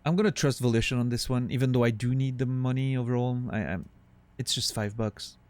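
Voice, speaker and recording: A man's voice: medium pitch, brisk, a little mellow, no echo. A man streaming live, chatting casually with his viewers and thanking them, on a studio condenser microphone.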